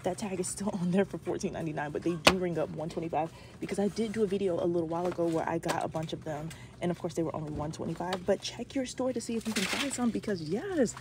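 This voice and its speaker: A woman couponing vlogger, bubbly and fast-talking, pitching an app and then browsing store shelves. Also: very noisy. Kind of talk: excited sponsor pitch and store vlog. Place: gas station, then inside a discount store.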